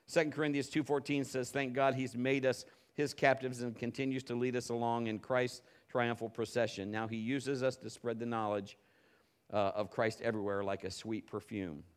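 A middle-aged man preaching a sermon, telling folksy stories with many restarts and building from quiet teaching to loud preaching. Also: medium pitch, flat delivery, moderate pace, smooth. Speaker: pastor.

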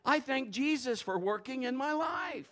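A middle-aged man preaching a sermon as a pastor, telling a story and swinging from low murmurs to loud outbursts. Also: lively intonation, a little slow.

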